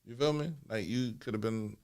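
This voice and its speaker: A man's voice: on the low side, normal speed, a little mellow. A man in his forties co-hosting a candid podcast conversation, talking in a loose, slangy way and often repeating himself as he thinks aloud. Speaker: podcast co-host.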